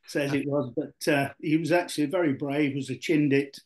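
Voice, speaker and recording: Older Yorkshire man, slightly high voice, a rambling interview guest with lots of fillers and restarts. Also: steady tone, moderate pace. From Yorkshire, England. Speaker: guest, former footballer. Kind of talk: relaxed storytelling interview.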